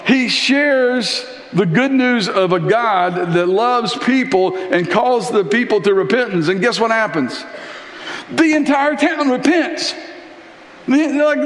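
A man preaches a casual, story-driven sermon, acting out the Bible characters as he goes. His voice sits a little high. It rings through an echoey church hall with a long reverb tail. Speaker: pastor.

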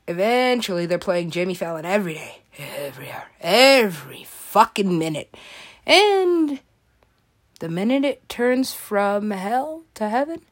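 A woman drifting through a loose comedic ramble, giggling and swearing as she goes. She talks at an unhurried, drawn-out pace, her voice pitched in the middle range. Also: sing-song.

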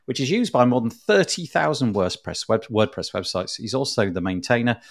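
A man's voice: medium pitch, animated, a little fast. A man hosting a podcast in casual chat, chatty and self-deprecating, laughing often. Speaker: podcast host.

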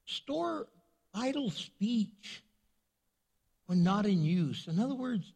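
A male pastor preaching a sermon in a church, animated and joking, repeating his points for emphasis. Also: high-pitched, breathy edge.

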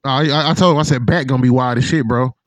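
A man in casual chat with a friend, an animated, profane storyteller who acts out what others said. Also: medium pitch, fast talker, dry recording. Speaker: podcast co-host.

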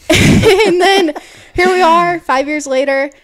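High-voiced young woman telling a story. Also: takes it slowly. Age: early 20s. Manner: animated, lots of "like", acts out quotes. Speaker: mountain bike racer guest. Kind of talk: casual interview storytelling.

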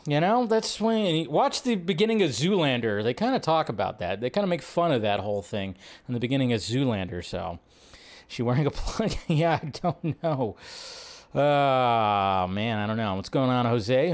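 A man hosting a live stream, chatting casually and rambling with lots of fillers, now and then shouting out quotes. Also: mid-range voice, animated, normal speed.

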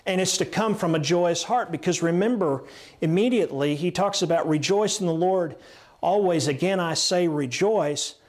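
A man's voice: high voice, moderate pace. A man with a Texan accent preaching a sermon, emphatic, repeating phrases and restarting lines as he teaches from scripture. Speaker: pastor.

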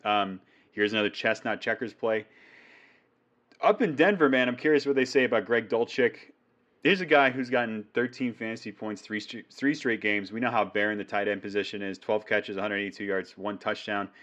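Male sports co-host, lowish voice, loose and jokey, riffs off topic. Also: fairly even intonation, fairly bright tone, lo-fi sound. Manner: jokey, rambling, quick to riff. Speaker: co-host of a fantasy football show. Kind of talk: casual sports chat.

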